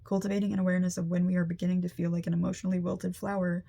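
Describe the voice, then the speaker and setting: Young woman, energy reader, empathetic, mellow dark tone, flat delivery. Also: lowish voice, racing, gravelly, slight background noise. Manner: chatty, empathetic, many "like" fillers. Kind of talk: casual spiritual reading to camera.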